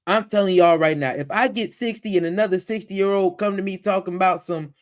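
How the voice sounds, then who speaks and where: Hosting a livestream, a man comments on a video in an exasperated, offhand way, repeating lines and parodying the voices he quotes. His voice is high-pitched and fairly quick.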